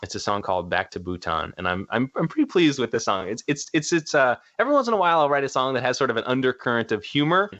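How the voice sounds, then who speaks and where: A man's voice: medium pitch, sing-song, fast talker, few pauses, a bit bright. A man being interviewed as a musician guest, chatting casually and rambling with lots of fillers. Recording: dull lo-fi sound.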